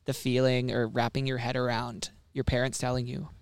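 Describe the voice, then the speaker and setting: Smooth, gravelly male interviewer. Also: mid-range voice, completely flat delivery, brisk, no room sound. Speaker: podcast co-host. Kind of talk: casual chat. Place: aboard a ferry.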